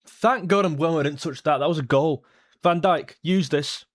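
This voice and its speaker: A young man, reacting live to a football match, blunt and frustrated, jumping to excited shouts at chances. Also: fairly high pitch, normal speed. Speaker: football fan streamer. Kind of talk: live match watchalong commentary.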